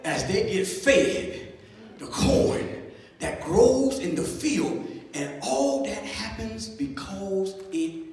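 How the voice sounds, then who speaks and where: A high-pitched male minister preaches slowly and deliberately, calling for amens and building to emphatic peaks. His voice rings through a large church with a long, echoing reverb. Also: expressive, a little mellow, far from the mic. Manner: call-and-response preaching, rising to emphatic emphasis. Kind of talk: sermon. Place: church sanctuary.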